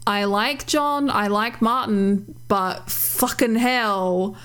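A woman co-hosting a podcast in casual chat, animated, swearing and laughing as she acts out quotes. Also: mid-range voice, slow, smooth. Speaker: podcast co-host.

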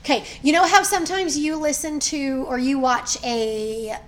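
A woman's voice: high voice, moderate pace. Gushing woman with a raised voice. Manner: excitable, gushing. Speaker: podcast co-host. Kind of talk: casual chat.

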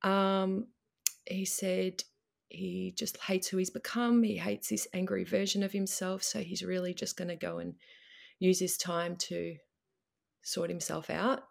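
A woman with an Australian accent, telling a personal story in a hesitant way, with many pauses and ums. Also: lowish voice, flat delivery, vocal fry. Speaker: guest.

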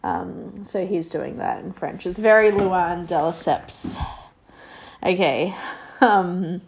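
A woman's voice: on the low side, takes it slowly, vocal fry, slight background noise. Sarcastic woman rambling through a recap. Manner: rambling and sarcastic, with many fillers. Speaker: reality show recapper. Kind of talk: casual recap chat.

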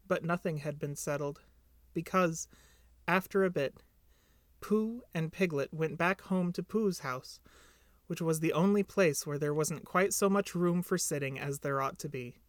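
Male podcast reader, gentle storybook narration, dry close sound. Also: on the high side, unhurried, no room sound. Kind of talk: storybook reading.

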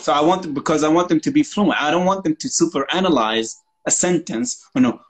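A man's voice: on the high side, a little fast, low-quality recording. A man co-hosting a casual podcast, an English teacher who talks in a joking, profane, mocking way. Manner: profane, joking, mocks accents. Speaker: podcast co-host. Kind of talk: casual chat.

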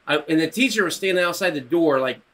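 A man's voice: on the high side, lively intonation, fast talker, fairly bright tone. A man in his thirties, co-hosting a podcast, telling a rowdy story and acting out the voices in it, swearing freely. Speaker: podcast co-host. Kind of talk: casual storytelling chat.

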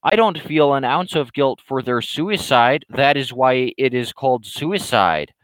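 A smug preachy troll guy, as a man puts him on, higher and drawn out, lecturing slowly, smooth and dry on the mic. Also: expressive, no echo, lightly acted, rough recording. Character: preachy, condescending male online troll.

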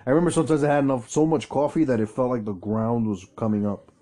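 A man co-hosting a casual chat show, with a mellow, warm tone. He rambles playfully and teases his co-host. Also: medium pitch, fairly even intonation, fast. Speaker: podcast co-host.

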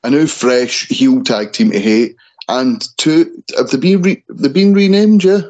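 A man's voice: medium pitch, measured pace, darkish tone, low-quality recording. A man co-hosting a wrestling chat show in a casual way, often stumbling and restarting over names. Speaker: wrestling podcast co-host.

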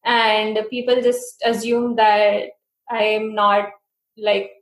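A woman's voice: mid-range voice, little pitch movement, takes it slowly. Podcast co-host, woman from India, chatty and giggly, echoey room. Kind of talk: casual chat.

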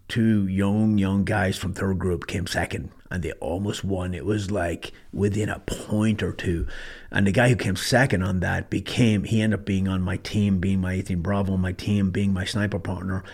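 A man's voice: sits low, fairly even intonation, normal speed, a little mellow, slightly rough. A middle-aged man from Ireland telling stories in a blunt, matter-of-fact way, with casual swearing. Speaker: podcast host, former sniper instructor. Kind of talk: casual storytelling monologue.

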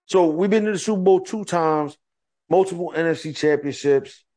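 Profane, animated man telling stories. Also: on the high side, moderate pace. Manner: profane, animated storytelling with quoted voices. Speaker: podcast co-host. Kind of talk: casual chat.

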